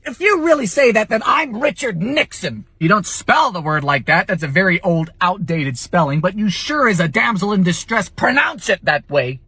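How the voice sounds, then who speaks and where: A young man hosting a comedic cooking video, theatrical and exaggerated, with sudden bursts of shouting. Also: sits high, sing-song, moderate pace, few pauses. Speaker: cooking show host.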